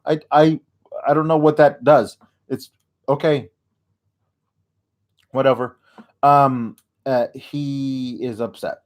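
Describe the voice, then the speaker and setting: A man's voice: mid-range voice, fairly even intonation. A man hosting a comedic wrestling recap, ranting in a rambling, sarcastic way. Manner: rambling, sarcastic, halting with fillers. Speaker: host of a wrestling recap show.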